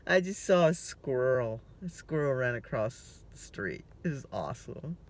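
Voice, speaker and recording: A man's voice: medium pitch, very animated, a little slow. A tired middle-aged man vlogging from his car, rambling through casual stories, swearing freely and laughing easily. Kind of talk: casual chatty storytelling.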